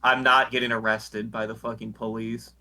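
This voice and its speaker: A man co-hosting a podcast, casually recapping a wrestling episode from his notes in a profane, deadpan way. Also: fairly low pitch, normal speed. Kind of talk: casual chat.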